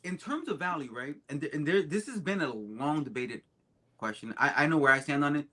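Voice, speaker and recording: A man with a high, bright and forceful voice co-hosts a casual podcast. He jokes emphatically. He swings between loud bursts and hushed asides. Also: expressive, a little fast. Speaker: podcast co-host. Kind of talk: casual chat.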